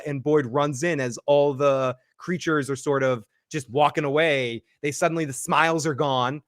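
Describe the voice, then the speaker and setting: A man co-hosting a TV episode recap, talking excitedly and acting out the characters' lines. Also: on the high side, no room sound, studio quality. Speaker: podcast co-host.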